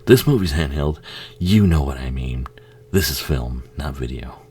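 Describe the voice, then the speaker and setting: A man's voice: very deep voice, animated, normal speed, dark tone, breathy edge. A man giving a casual, rambling watch-along commentary on a film, swearing freely and laughing often.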